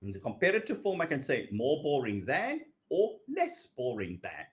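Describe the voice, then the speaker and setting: A man's voice: medium pitch, wildly swooping pitch, moderate pace. A man teaching an English grammar lesson, drawing out his words and checking in with "okay" and "yeah" as he goes. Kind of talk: recorded grammar lecture.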